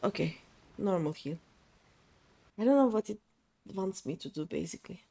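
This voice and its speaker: A woman's voice: on the low side, lively intonation, moderate pace, gravelly, dark tone. A woman streamer casually commenting on her game, humming and muttering playfully as she plays. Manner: playful, hums and mutters while playing.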